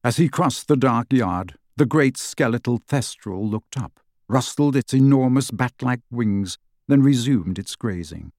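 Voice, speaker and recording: Male narrator, expressive storytelling, animated pitch, dry booth sound. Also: a little slow, no echo. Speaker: audiobook narrator. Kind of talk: scripted narration.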